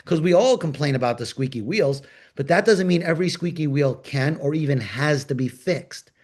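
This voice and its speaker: A man from New York, talking in a panel discussion and telling workplace stories with lively, acted-out dialogue. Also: fairly high pitch, normal speed. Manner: animated storyteller, acts out quoted dialogue. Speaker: agile coach and panel host. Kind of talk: conversational panel talk.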